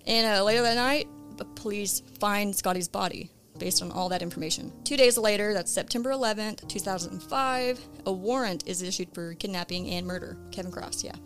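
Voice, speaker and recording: A woman's voice: medium pitch, brisk, hardly any pauses, soft background music. A woman hosting a podcast, recounting a case in casual, conversational storytelling with plenty of ums and uhs. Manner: relaxed, conversational, with frequent "um" and "uh". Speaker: true crime podcast host.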